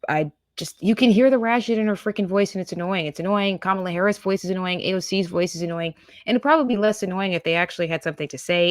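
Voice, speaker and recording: Woman, lowish voice, scornful, sarcastic, emphatic reaction host, dry close sound. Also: no echo. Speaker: political commentary host. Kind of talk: reaction commentary on clips.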